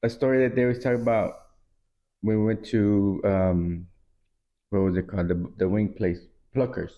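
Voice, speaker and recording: A man co-hosting a podcast, chatting casually and telling a relaxed anecdote. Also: fairly low pitch, normal speed. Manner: easygoing listener, lots of "yeah", relaxed anecdote telling. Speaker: podcast co-host. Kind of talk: casual chat. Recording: dull lo-fi sound.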